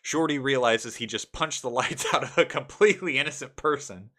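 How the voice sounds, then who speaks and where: Bright-voiced young man telling game stories. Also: mid-range voice, brisk. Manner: animated, laughs often, acts out characters. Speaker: game master telling a story. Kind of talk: casual storytelling vlog.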